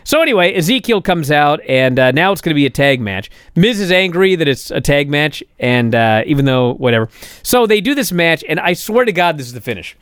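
A man's voice: fairly high pitch, big pitch swings, a little fast, a bit bright, clean tone, dry recording, clean studio sound. A man giving a casual, sarcastic recap of a wrestling show, exasperated and building to indignant outbursts.

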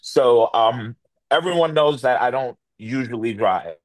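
A man's voice: mid-range voice, animated, measured pace, dry recording. New guy, middle-aged, rambling story with lots of restarts, dry close mic. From New York. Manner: rambling, lots of restarts and fillers, acts out quoted voices. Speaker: guest. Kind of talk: animated storytelling.

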